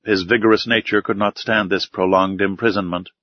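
Brief: male audiobook narrator, measured and formal, lowish pitch, dry close recording. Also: fairly even intonation, no room sound. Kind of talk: first-person audiobook narration. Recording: slightly dull, dry recording.

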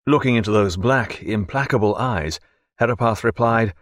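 A man narrating a novel chapter in measured, expressive storytelling. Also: lowish voice, no echo, clean studio sound. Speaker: audiobook narrator. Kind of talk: scripted narration.

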